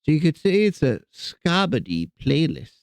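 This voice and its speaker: A man's voice: fairly high pitch, very animated, normal speed, creaky, darkish tone, no echo. Chatty young man streaming from home. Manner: rambling, joking, chatting to his cats. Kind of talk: casual live-stream chat. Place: home computer desk.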